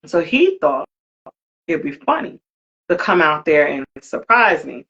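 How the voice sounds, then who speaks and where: A woman's voice: low-pitched, big pitch swings, measured pace, a bit bright, highs cut off. A woman telling a comic story with lots of energy, swearing now and then and acting out the voices she quotes. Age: older. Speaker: guest, creator of a brand for Black women.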